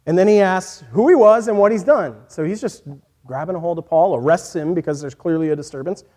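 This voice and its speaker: A man preaching a sermon in an earnest voice that moves from quiet, reflective passages to emphatic points. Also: sits high, fairly quick. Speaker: pastor.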